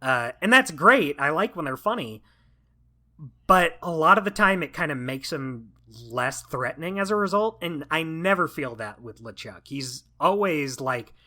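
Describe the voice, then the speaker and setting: A man on a podcast talks eagerly and with firm opinions, his voice sitting a touch high and ringing bright and forceful. He keeps the chat loose and casual, peppered with fillers. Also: animated, normal speed. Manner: enthusiastic and opinionated, full of fillers like "like". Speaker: podcast co-host.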